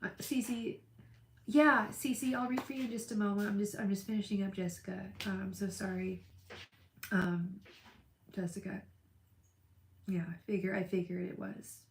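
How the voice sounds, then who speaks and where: Emotional young woman live-streaming, gravelly. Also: medium pitch, steady tone, moderate pace, pauses often, echoey room, a little hiss or hum. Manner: warm, gushing and emotional, talks to viewers by name. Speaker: livestream tarot reader. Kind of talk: casual live-stream chat with viewers.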